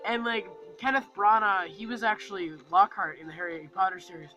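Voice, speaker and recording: Man, high voice, sharp bright tone, casual rambling movie review, acts out film lines. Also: brisk, dull audio, soft background music.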